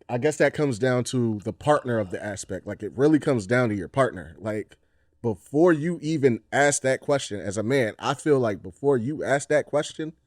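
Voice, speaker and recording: A man in a casual podcast chat, talking in a measured way as he reasons things through. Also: mid-range voice, no echo, clean studio sound. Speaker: podcast co-host.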